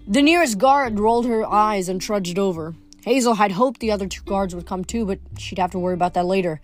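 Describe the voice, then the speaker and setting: A woman's voice: mid-range voice, brisk. Woman reading a novel aloud. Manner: lively, expressive reading with small slips. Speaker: audiobook reader.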